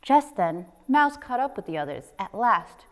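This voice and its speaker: A woman's voice: on the high side, big pitch swings, unhurried, fairly bright tone, long reverb tail, a little hiss or hum. A woman, a nature center coordinator, reading a children's book aloud expressively with sound effects.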